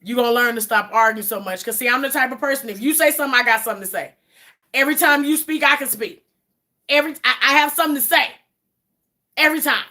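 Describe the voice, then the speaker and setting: Blunt, profane woman with a bright voice. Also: fast, long pauses. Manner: blunt and profane, with quoted asides; drops to a low, quiet voice in places. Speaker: live-stream host. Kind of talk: casual live-stream chat.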